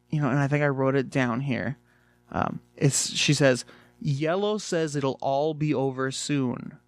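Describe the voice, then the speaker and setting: A man casually reviewing a cartoon episode, chatty and animated, swearing freely and filling gaps with "like" and "um". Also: medium pitch, no echo. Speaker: video reviewer.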